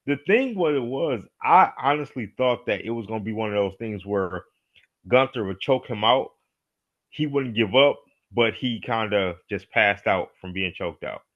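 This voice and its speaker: Male podcast co-host, low voice, laid-back, dull muffled recording. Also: moderate pace. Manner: relaxed, agreeable, repeats "you know what I mean". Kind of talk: casual wrestling talk.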